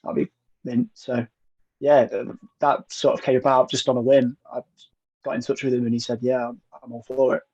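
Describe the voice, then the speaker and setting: Husky and a bit dark, his medium-pitched voice stays flat at a normal speed. He is a young band member guest telling stories and chatting casually in an interview, sprinkling in local slang, on a dry, slightly dull recording.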